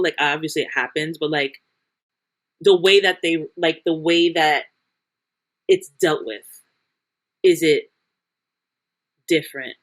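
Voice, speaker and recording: A woman's voice: sits low, a little slow, long pauses, a bit bright. A young woman co-hosting a podcast in casual chat, rambling and restarting her sentences. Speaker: podcast co-host.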